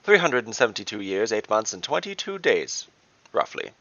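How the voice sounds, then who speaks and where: A man's voice: on the low side, sing-song, normal speed, bright, forceful tone, no echo, heavily acted. Shibu, a man doing a gleeful trickster god. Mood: playful. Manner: gleeful, teasing, theatrical. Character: mischievous male halfling trickster god. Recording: dull dry lo-fi recording.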